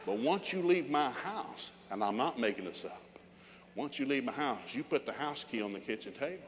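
A man's voice: mid-range voice, animated, normal speed, big-room sound, a little hiss or hum. An older man preaching a sermon with humorous, emphatic storytelling.

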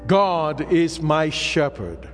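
High-voiced preacher in an echoing hall. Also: male voice, animated. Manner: call-and-response preaching, drawn-out emphatic phrases. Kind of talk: sermon. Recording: music under voice, long hall reverb.

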